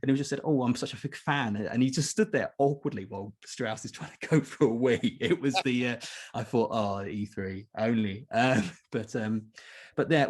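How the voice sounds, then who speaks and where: A man's voice: lowish voice, breathy edge. A man hosting a casual interview, asking loose, hesitant questions with many fillers. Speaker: host.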